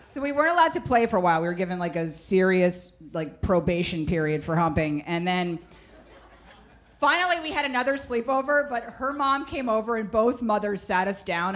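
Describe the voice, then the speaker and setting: A woman doing stand-up comedy with brash, deadpan storytelling on a club stage mic. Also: fairly low pitch, fairly quick. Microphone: handheld stage mic. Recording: noisy live stage recording. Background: audience laughter.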